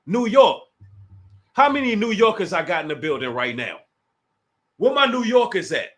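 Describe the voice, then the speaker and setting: A man's voice: high voice, sing-song, fairly quick, fairly bright tone. A man from the Washington, D.C. area hosting a casual livestream, taunting a rival and talking straight to his chat. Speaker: livestream host.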